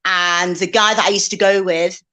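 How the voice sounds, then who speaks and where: A woman from England, a radio presenter guest, recalling the past in plain, measured talk. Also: lowish voice, flat delivery, pushed and bright. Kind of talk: casual interview chat.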